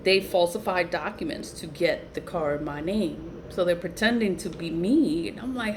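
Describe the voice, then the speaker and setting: A woman, telling a family story to her viewers in a blunt, animated way and swearing freely. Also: normal speed, few pauses, background noise. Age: 40s. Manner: animated, blunt, swears freely, voice jumps high when incredulous. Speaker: vlogger. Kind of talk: casual storytelling to camera.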